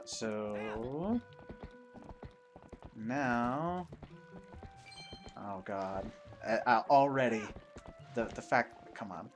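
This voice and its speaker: A man commenting casually as he plays a video game, rambling and joking at his own expense. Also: on the low side. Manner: self-deprecating, joking, rambling. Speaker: let's play host.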